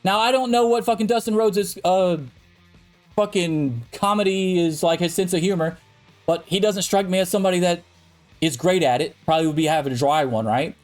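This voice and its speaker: A man's voice: sits high, brisk, soft background music. A man co-hosting a podcast, ranting in a heated, profane and emphatic debate. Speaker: podcast co-host.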